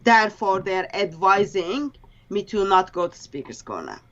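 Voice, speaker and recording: A woman being interviewed as a guest, speaking in a halting, earnest way with grammar slips. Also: medium pitch, sing-song, a bit bright, dull audio.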